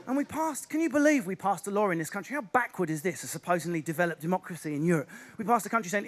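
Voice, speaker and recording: A young man with an Essex accent doing a fast, restless stand-up set on a stage. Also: sits high. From Essex, England. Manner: fast, restless, animated delivery with sudden put-on voices. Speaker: stand-up comedian. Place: theatre stage before a live audience.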